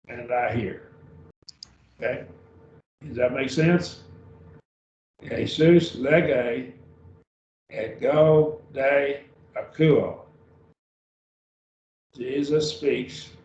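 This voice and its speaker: This church lesson in beginning Greek is led by a man whose medium-pitched voice has a slightly mellow quality. He stays patient and keeps asking whether the class is following along. Captured from far away, the audio is dull and roomy.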